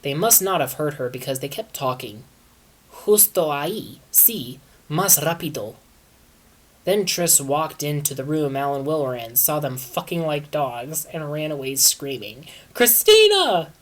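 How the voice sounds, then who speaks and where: A woman reading fan fiction aloud in a measured, deadpan way, as the host of her channel. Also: deep voice.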